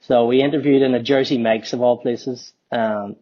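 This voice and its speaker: A man in his forties from Northern Ireland with a Northern Irish accent, a company co-founder telling his story as a podcast guest in a relaxed, rambling way. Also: mid-range voice, normal speed, dull audio. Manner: relaxed, rambling, many ums and restarts. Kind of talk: casual storytelling interview.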